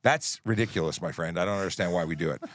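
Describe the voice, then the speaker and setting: Low-voiced middle-aged police host. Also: male voice, fast talker, fairly bright tone, dry recording. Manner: firm, plain-spoken, explains rules while scrolling comments. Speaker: traffic police officer and host. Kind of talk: livestream Q&A chat.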